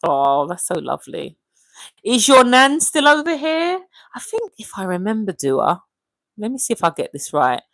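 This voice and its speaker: A woman chats on her livestream and reads viewer comments aloud. She is animated and keeps calling out viewers by name. Her voice sits at a middle pitch, and the sound is dry and close. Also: moderate pace, no room sound, low-quality recording. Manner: chatty and animated, often calling out viewers' names. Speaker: livestream host.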